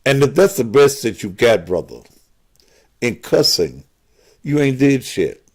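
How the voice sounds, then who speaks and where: A man's voice: mid-range voice, sing-song, measured pace, slightly rough. A man hosting a call-in show as a pastor, combative and profane, lecturing callers.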